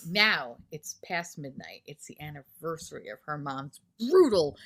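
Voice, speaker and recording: A woman's voice: deep voice, big pitch swings, unhurried, few pauses, a bit bright. A woman co-hosting a podcast, chatting casually about a horror film with crude jokes and frequent laughs. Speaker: podcast co-host. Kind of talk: casual chat.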